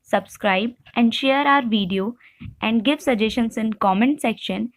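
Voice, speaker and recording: A woman's voice: on the high side, a little slow, no echo. A woman host reading a plain scripted outro to viewers. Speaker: channel host.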